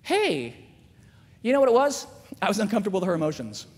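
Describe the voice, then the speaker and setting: A man giving a candid, self-mocking, animated storytelling talk at a school chapel. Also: sits high, quick pace. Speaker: chapel speaker. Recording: long reverb of a large chapel.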